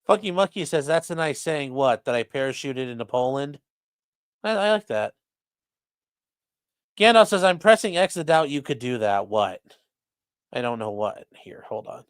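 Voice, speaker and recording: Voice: mid-range voice, lively intonation, normal speed, pauses often, dry recording, clean studio sound. A defense attorney hosting a casual livestream, reading viewer chat aloud and answering in a blunt, profane way.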